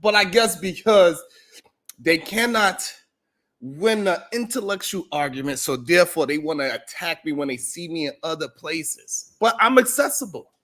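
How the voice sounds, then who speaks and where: A man's voice: fairly high pitch, lively intonation, moderate pace, bright, forceful tone. A man hosting a livestream, talking casually to his chat in a joking, boastful way and laughing often. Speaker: livestream show host.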